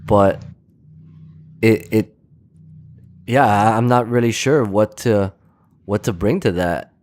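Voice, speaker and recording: A man's voice: lowish voice, takes it slowly, darkish tone. A man co-hosting a podcast, speaking thoughtfully and tentatively in a casual chat. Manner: thoughtful and tentative, searching for words. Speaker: podcast co-host.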